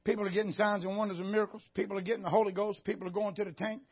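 A high, husky male voice with a drawl, preaching with fire and climbing to shouts at the high points. The recording is dull and lo-fi, like old church sermon audio. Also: very fast. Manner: animated preaching, shouting at peaks.

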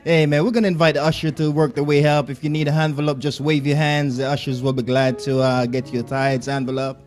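Guy at church calling praise, bit high voice, quiet music behind. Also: flat delivery, fast talker. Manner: calls out praise to the congregation. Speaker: church minister taking the offering. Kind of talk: church announcements.

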